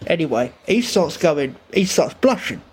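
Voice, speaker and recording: A man telling an improvised comic tall tale, rambling with stumbling restarts and deadpan swearing. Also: fairly high pitch, moderate pace, slightly rough.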